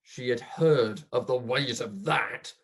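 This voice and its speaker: A reader performing a dramatic poetry recitation as a grief-stricken old male pauper, bitter and accusing, swinging melodramatically from hushed to loud. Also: mid-range voice, slow pace, husky. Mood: mournful.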